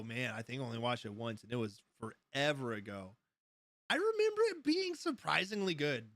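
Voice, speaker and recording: A man's voice: a little high, fairly bright tone, no echo. Male streamer, slightly raised voice, easygoing storyteller who laughs a lot, dry room. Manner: rambling storyteller, laughs often, answers chat. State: high. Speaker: livestream host. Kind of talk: casual live-stream chat.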